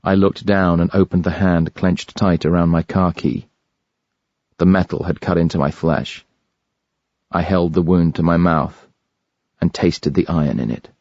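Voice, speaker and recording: A man reading a first-person thriller audiobook in a measured, grave way. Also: low voice, a little mellow, dry recording. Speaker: audiobook narrator. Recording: dry, slightly dull studio recording.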